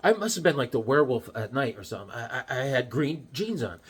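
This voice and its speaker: A husky, medium-pitched male voice moves fast through a casual childhood tale while displaying comics he's collected. His delivery is animated, with yelps and character voices acted out mid-story.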